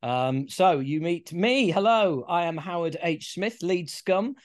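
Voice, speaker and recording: A man's voice: high voice, expressive, measured pace. A man hosting a football podcast in casual chat, with sweary, self-mocking humour. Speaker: podcast host.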